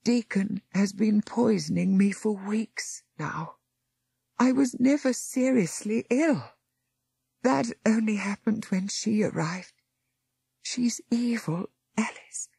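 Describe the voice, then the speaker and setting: A woman reading aloud and voicing a weak, dying old woman who pleads in a breathy whisper. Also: a little high, sing-song, takes it slowly, a little mellow, no room sound, studio quality, pitched above the performer's own voice, heavily acted. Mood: pleading whisper. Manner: pleading, urgent.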